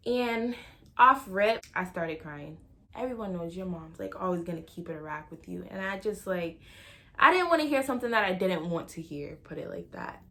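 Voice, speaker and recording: A young woman in her late teens casually telling a personal story to her viewers, animated and slangy, acting out bits of dialogue. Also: on the low side, normal speed, gravelly. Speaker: vlogger.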